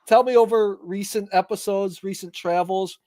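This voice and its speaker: Slightly high-voiced man in a dry close recording. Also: fairly even intonation, moderate pace, warm tone, no echo. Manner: enthusiastic, asks questions. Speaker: guest wine creator. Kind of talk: casual podcast conversation.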